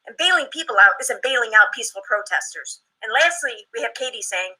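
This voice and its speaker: A woman co-hosting a vlog, reading out social media posts in a steady manner. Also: fairly high pitch, a little fast, slightly rough, rough recording. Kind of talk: reading screenshots aloud.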